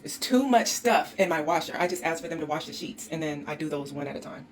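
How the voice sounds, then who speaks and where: A woman's voice: deep voice, expressive, fast, slight background noise. A woman hosting a walkthrough vlog, exasperated and ranting as she films indoors in a condo on a handheld phone. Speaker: host.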